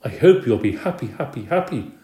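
A man voicing a polite, timid male hamster in a storybook, talking in a squeaky, earnest way. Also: big pitch swings, fairly quick, dark tone, roomy sound, natural voice.

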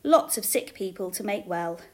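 A woman's voice: mid-range voice, expressive, moderate pace, close to an everyday voice. A woman voicing an impatient, condescending man, one of Jesus' friends, in a storybook reading. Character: impatient, dismissive grown man, a disciple.

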